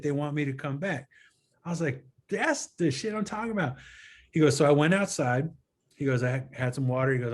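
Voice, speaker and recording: A man telling a personal story in a casual interview, acting out a friend's lines with quoted dialogue in an earnest way. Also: medium pitch. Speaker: guest filmmaker.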